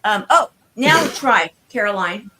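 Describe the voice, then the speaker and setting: A woman's voice: mid-range voice, animated, measured pace, pushed and bright, slight background noise. A woman hosting a live online party show over a video call, effusive and bubbly as she calls on each guest. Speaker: show host.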